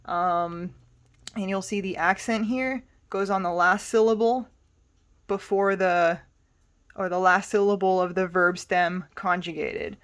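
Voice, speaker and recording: A woman's voice: on the low side, a little slow. Patient woman teaching a language lesson. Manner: patient, spells words out letter by letter. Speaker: Spanish teacher.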